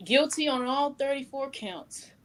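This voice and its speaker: A woman co-hosting a casual livestream, chatty and quick to chime in. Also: high-pitched. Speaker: podcast co-host.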